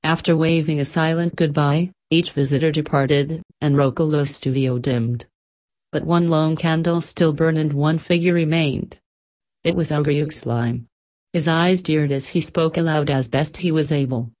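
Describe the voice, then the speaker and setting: A woman reading a storybook aloud with gentle, measured narration. Her voice sits notably low. She keeps the telling unhurried.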